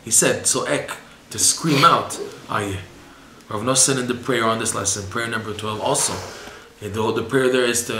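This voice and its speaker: A man's voice: medium pitch, moderate pace, bright, forceful tone. A man giving a religious lesson, earnest and rising to impassioned cries when he voices pleas to God. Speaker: Torah teacher. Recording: echoey room with faint background hiss.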